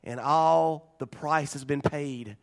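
A man preaching a sermon as pastor, swinging between loud declarations and quiet, conversational asides. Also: a little high, takes it slowly, vocal fry.

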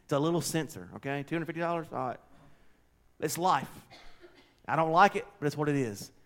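A middle-aged man preaching a folksy, conversational sermon, swinging between loud and quiet. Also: fairly high pitch, animated, moderate pace. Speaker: pastor.

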